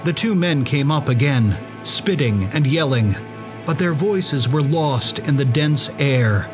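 A male narrator reads a suspense story in slow, measured audiobook style. His pitch sits at an ordinary middle. Clear music plays beneath the reading throughout. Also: lively intonation.

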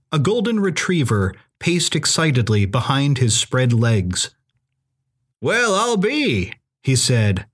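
A man reading a suspenseful story aloud as narrator, in a measured audiobook style. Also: mid-range voice, slightly rough. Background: music.

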